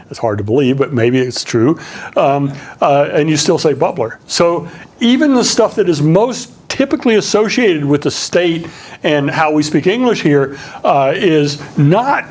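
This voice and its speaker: A middle-aged man giving a relaxed public lecture, full of ums and questions for the audience. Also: fairly high pitch. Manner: relaxed, many fillers, asks the audience questions.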